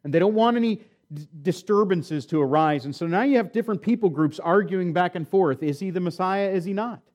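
A man's voice: high voice, a little fast, a little mellow. A man preaching a sermon, retelling a scripture story and then reading the passage aloud with rising and falling emphasis. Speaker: pastor.

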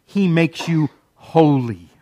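A man's voice: a little high, expressive, warm tone, no echo. Emphatic preaching man, dry sound. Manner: emphatic preaching with repetition and dramatic pauses. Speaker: pastor. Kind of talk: sermon.

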